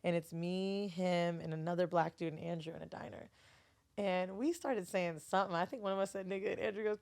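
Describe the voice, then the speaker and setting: A woman's voice: fairly low pitch, fairly quick, gravelly, dry recording. A woman from Florida, a podcast guest, chatting casually and telling stories with lots of swearing. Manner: animated, profane, laughing storyteller. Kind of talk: casual chat.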